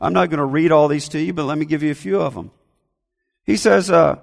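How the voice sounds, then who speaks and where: A man preaching a sermon as pastor, animated and acting out whiny complaints. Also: fairly high pitch, brisk, vocal fry, long reverb tail. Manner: animated, acts out whining voices.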